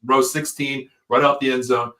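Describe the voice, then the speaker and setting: A man co-hosting a casual live sports talk show, an excitable storyteller who swears freely. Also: medium pitch, moderate pace. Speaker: podcast co-host.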